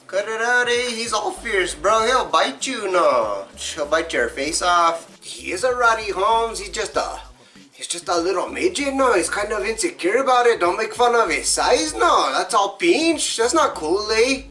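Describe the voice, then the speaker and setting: A man's voice: high voice, expressive, measured pace, pushed and bright, distant mic, voice pushed up, exaggerated voice. A man voicing a swaggering young homie, slangy and cocky. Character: swaggering young male cholo-style homie.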